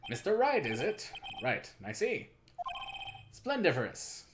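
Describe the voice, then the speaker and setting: A man's voice: high voice, huge pitch swings, unhurried, background noise, pitched above the performer's own voice, heavily acted. A French Canadian man voicing a pompous, arrogant male CEO in a game reading, showing off with grand made-up words.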